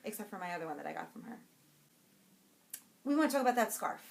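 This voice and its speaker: A young adult woman co-hosting a podcast, chatting casually and excitedly about yarn she bought, rambling and breaking off her own sentences. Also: on the low side, quick pace, vocal fry. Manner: bubbly, rambling, self-interrupting. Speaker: podcast co-host.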